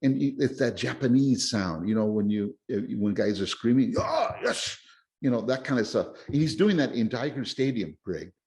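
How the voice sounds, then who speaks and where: A man chatting casually as a podcast host, rambling and excitable with many restarts. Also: medium pitch, moderate pace, hardly any pauses. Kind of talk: casual chat. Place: lives in Japan.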